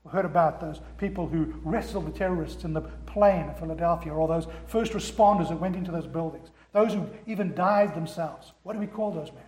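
A man's voice: on the high side, fairly quick, hardly any pauses, darkish tone, reverberant. A man preaching a sermon as pastor, driving points home with rhetorical questions and repetition. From America.

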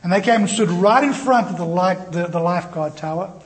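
A man preaching a sermon with impassioned storytelling, swinging from loud to quiet. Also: high-pitched, brisk. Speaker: pastor. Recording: echoey room with faint noise.

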